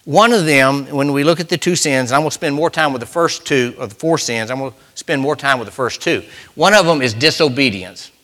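A man preaching a sermon in a conversational way, repeating key phrases and slowing down to stress them. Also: mid-range voice, a bit bright.

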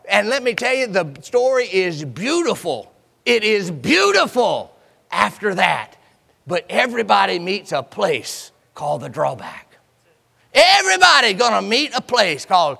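Male preacher, high bright gravelly voice, dramatic storytelling sermon, long church reverb. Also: very animated, measured pace. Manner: dramatic storytelling, acting out voices, call and response.

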